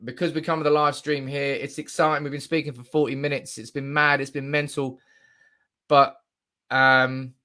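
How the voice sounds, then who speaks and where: This young man, hosting a live stream at a moderate pace, reads out viewers' chat messages with lots of energy and free swearing. His voice is medium in pitch.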